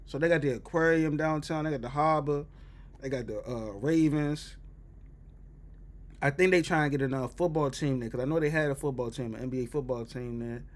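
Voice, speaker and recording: A man telling a story in casual chat, animated and jumping into loud, high exclamations. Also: fairly quick. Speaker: reaction streamer.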